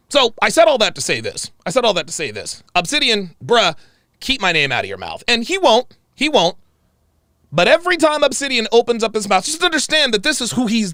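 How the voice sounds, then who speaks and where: A man's voice: no room sound, clean studio sound. A man hosting a livestream, delivering a heated, profane rant and repeating phrases for emphasis. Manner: angry, profane, repeats himself; animated pitch swings. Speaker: show host.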